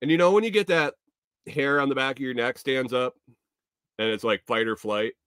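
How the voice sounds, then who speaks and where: Podcast guy rambling thru a story, swears a lot, normal pitch, dead dry sound. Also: normal speed, clean tone, dry recording. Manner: profane, rambling, rising to loud exclaims. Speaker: podcast host. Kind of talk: casual storytelling monologue.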